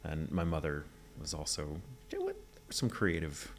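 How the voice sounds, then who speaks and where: A man in his forties from Texas with a neutral mid-Atlantic accent, telling his family story in a relaxed, articulate interview. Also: very deep voice, a little slow, slight background noise. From Texas, USA. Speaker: interview guest, voice actor. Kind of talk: casual interview chat.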